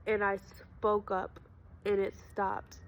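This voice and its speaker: A young spiritual vlogger talks slowly and in a monotone, her voice mid-range, as she recounts her personal story to camera. It's emotional, raw and profane, she calls her audience y'all, and slight background noise is present.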